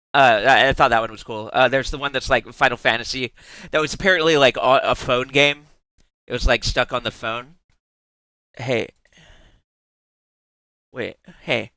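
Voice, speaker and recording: A man's voice: mid-range voice, sharp tone, smooth, no echo. A man streaming live in casual chat, giggling often and rambling in playful asides with many restarts.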